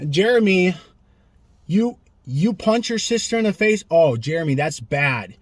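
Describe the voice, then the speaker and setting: A man voicing a soft, lenient parent scolding a child. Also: sits high, expressive, a little slow, dry recording. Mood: mild scolding.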